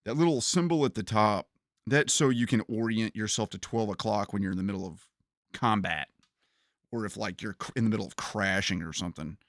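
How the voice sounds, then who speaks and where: A man chatting casually on a gaming livestream, animated, often repeating words and laughing. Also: on the low side, fairly quick, no echo, studio quality.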